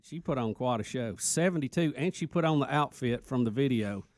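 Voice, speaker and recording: A man's voice: medium pitch, expressive, brisk, darkish tone, dry recording. A man co-hosting a radio talk show, easygoing and a little hesitant. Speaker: radio co-host.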